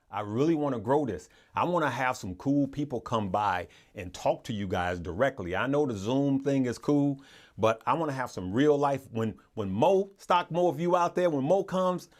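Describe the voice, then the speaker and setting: A man hosting a live stream, chatting casually with viewers in an earnest, motivational way, rambling with frequent restarts and repeated words. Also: medium pitch. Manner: rambling and repetitive, with restarts and stammers. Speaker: livestream host.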